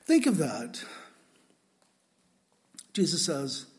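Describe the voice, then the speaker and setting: A male pastor with a high voice delivers a sermon in an earnest, impassioned way. His feeling runs close to the surface, and he often breaks off and restarts his sentences. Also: expressive, measured pace, pauses often, darkish tone. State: emotional.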